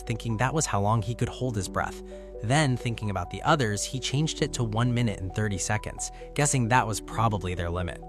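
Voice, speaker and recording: A man giving a scripted story recap narration in an even, steady delivery. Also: on the low side. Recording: narration over loud background music.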